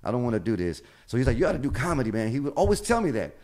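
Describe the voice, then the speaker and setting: Male comedian guest, rapid-fire storyteller, profane, acts out quoted voices. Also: mid-range voice. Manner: animated, acts out quoted dialogue, swears freely. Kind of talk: casual storytelling.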